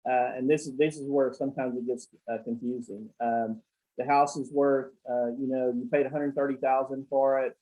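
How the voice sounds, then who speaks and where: This accountant guest speaks with a medium pitch and fairly even intonation at normal speed, his tone mellow. He rambles casually through blunt, salty stories over a call, restarting often and leaning on fillers. The audio is low quality.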